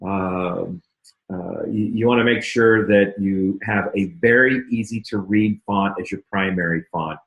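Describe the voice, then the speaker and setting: A man's voice: lowish voice, a little slow, fairly bright tone, reverberant, rough recording. A man giving a casual marketing lesson while clicking through his screen, chatty and full of fillers and restarts. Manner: chatty, self-interrupting, many fillers. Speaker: marketing instructor. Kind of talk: casual screen-share teaching.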